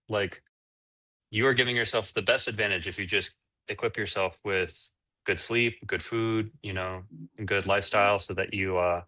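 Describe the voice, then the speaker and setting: A man's voice: low-pitched, sharp tone. A man, an entrepreneur, answering interview questions in a candid, rambling casual chat. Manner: candid, rambling with fillers and restarts. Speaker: entrepreneur guest.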